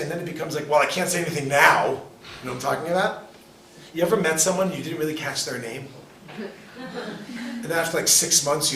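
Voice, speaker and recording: A man teaching a class as a rabbi, animated and questioning, acting out quoted people. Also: fairly high pitch. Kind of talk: lively lecture with questions to the audience. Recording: echoey room, mic at a distance, faint noise.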